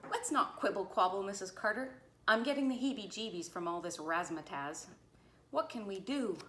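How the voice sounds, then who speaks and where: A woman's voice: mid-range voice, expressive, moderate pace, bright, forceful tone, slight background noise. A woman voicing a strict, flustered schoolteacher in a storybook, scolding and fussy. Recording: roomy echo.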